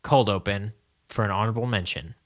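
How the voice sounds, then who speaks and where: A man's voice: fairly low pitch, fairly quick. A man co-hosting a podcast in casual chat, rambling loosely and laughing often. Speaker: podcast co-host.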